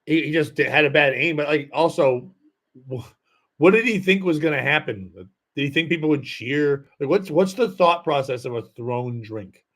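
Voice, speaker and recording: Male podcast host, slightly high pitch, loose rambling storyteller. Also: lively intonation, moderate pace, a bit bright. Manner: rambling, lots of fillers and laughs. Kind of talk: casual storytelling chat.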